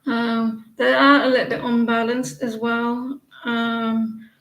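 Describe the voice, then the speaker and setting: A woman with an English accent giving tarot readings on a live stream, talking haltingly with many fillers and restarts. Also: on the high side, flat delivery, a bit bright, reverberant, rough recording. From England. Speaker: tarot reader.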